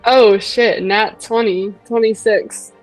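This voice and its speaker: Slow, giggly woman player. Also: medium pitch, steady tone, faint music behind, rough recording. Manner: giggly, casual.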